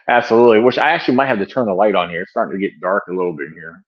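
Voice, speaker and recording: Speaking fairly quickly in a lowish voice, an older guest who researches wildlife and bigfoot gives casual, rambling interview answers full of fillers, restarts and chuckles. His home call audio, from a room next to the garage, sounds muffled.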